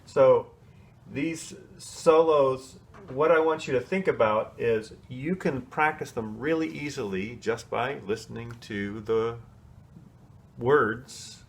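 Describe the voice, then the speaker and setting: A man teaching a children's choir, explaining solos in a relaxed, chatty way and singing short snippets to show how they go. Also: medium pitch, slow pace, slight background noise. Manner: casual, explanatory, sings short snatches to demonstrate. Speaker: music teacher. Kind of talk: coaching a kids' choir on song solos.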